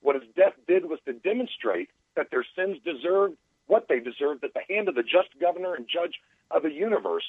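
A man calling into a radio show, making a measured theological argument and reading out quotes. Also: on the high side, husky, no echo. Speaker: caller. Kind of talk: theological argument over the phone. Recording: tinny phone line.

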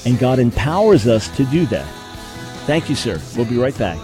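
A man's voice: medium pitch, big pitch swings, normal speed, music in the background. A middle-aged man hosting a call-in radio show, explaining his points in an earnest way. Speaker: radio talk show host. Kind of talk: call-in radio talk and teaching.

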